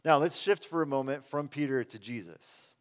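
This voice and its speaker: Earnest pastor preaching in a big hall. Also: male voice, medium pitch, lively intonation, normal speed. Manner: conversational and earnest, swelling loud then dropping soft. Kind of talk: sermon. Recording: long reverb of a large hall.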